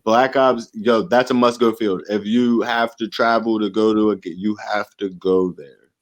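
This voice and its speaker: A man's voice: lowish voice, steady tone. A man who is a guest on a podcast, talking casually and unhurriedly with many "uh"s and "um"s. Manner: unhurried, lots of "uh" and "um". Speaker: podcast guest, paintball player. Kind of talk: casual chat.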